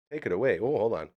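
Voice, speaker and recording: A man's voice: fairly low pitch, highs cut off. A man hosting a live podcast in a rambling, jokey, upbeat way. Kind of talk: casual live show chat.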